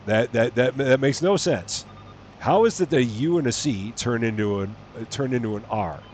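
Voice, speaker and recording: A man's voice: mid-range voice, lively intonation, normal speed, a little mellow, slight background noise. A man casually chatting while streaming a farming game, playful and given to wondering aloud. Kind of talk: casual live gameplay commentary.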